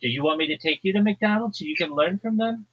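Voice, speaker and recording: A man from New Jersey, hosting a livestream and ranting crudely in a loud, brash, profane comedic tone. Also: high voice, fast, dull audio. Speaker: livestream host.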